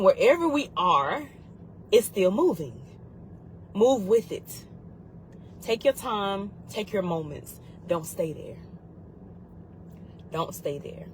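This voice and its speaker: Earnest lower-voiced woman giving grief advice. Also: a little mellow, a little hiss or hum, poor audio. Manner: earnest, urgent, repeats key phrases for emphasis. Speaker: grief support speaker. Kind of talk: heartfelt motivational monologue.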